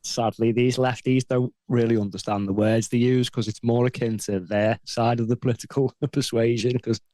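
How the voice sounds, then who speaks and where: A man's voice: medium pitch, steady tone, normal speed, dark tone. A man in a casual satirical chat, interjecting briefly and chuckling.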